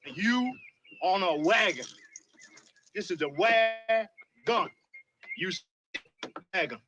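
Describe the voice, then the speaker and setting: An older enslaved fiddler in a film, high voice, heavy old southern dialect, bowing and scraping. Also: male voice, expressive, slow pace, dull audio. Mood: scolding. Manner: thick rural Southern period dialect, deferential to master. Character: older enslaved male fiddler, eager to please, wary. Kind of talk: film drama acting.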